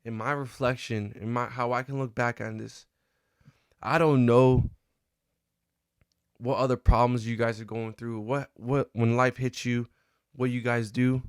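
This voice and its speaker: A young man vlogging a personal reflection, talking in a halting, earnest way with many restarts and fillers. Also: mid-range voice, flat delivery, smooth, dry recording, studio quality.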